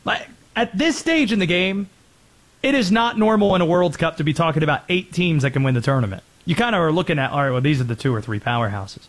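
A man with a high voice, hosting a sports talk show. He talks with lively energy, and his pitch swings widely from line to line. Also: quick pace. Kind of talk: sports commentary.

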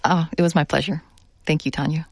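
A woman's voice: deep voice, steady tone, fairly quick, dry recording. Earnest, reflective middle-aged woman, dry sound. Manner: reflective, earnest, laughs softly. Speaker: journalist guest. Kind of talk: radio interview.

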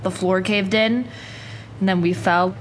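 A young woman survivor describing her rescue in a quiet, flat way during an interview. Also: mid-range voice, unhurried, a little hiss or hum.

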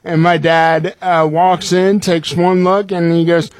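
A man's voice: high voice, level tone, unhurried. A young man in his twenties, a comedian guest telling comic stories with many ums and restarts, laughing at his own jokes. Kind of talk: comic storytelling.

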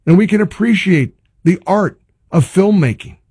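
A man's voice: sits high, normal speed, a little mellow, breathy edge, dry recording, studio quality. A man hosting a talk radio show, delivering an exasperated, rambling monologue.

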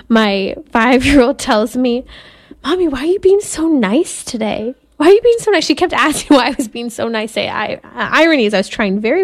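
A woman who is a Catholic speaker and mother, giving an earnest, measured spiritual talk and sometimes laughing softly. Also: on the high side.

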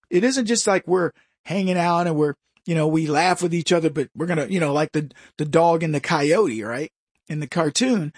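A man with a high-pitched voice rants through a combative opinion monologue, mocking his critics and mimicking them in put-on voices. The sound is dry and close, with almost no room. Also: normal speed, a little mellow, dry recording. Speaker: commentary show host.

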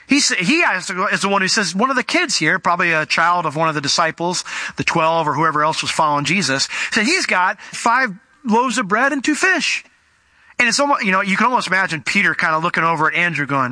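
A man preaching a sermon with a very bright, ringing voice that sits a little high. He talks in a conversational, animated way, acting out scenes as he teaches. The sound is close-miked and completely dry. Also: fairly quick, dry recording. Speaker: pastor.

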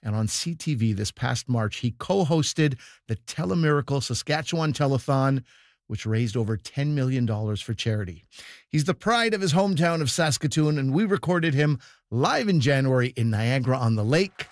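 A man's voice: mid-range voice, lively intonation, normal speed, dry recording, studio quality. A man hosting a comedy broadcast, reading scripted introductions of performers. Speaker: radio show host.

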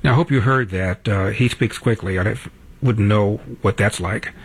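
A man's voice: on the low side, moderate pace, slightly rough. An older man hosting a political talk radio show, delivering a wry, combative monologue that builds to emphatic peaks.

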